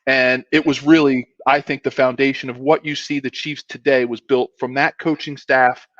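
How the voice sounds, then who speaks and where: A man in his fifties tells a long, meandering story full of asides and restarts. His voice sits at a middle pitch. The audio is dull and lo-fi, and it sounds dry. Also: flat delivery, normal speed, a bit bright, no room sound. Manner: rambling, with many restarts and asides. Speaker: guest, former pro football player. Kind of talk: casual anecdote telling.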